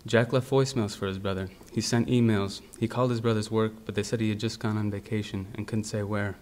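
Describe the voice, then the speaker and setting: A man from the United States reading his own literary fiction aloud in a steady, measured way. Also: on the low side, a little hiss or hum. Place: university library event.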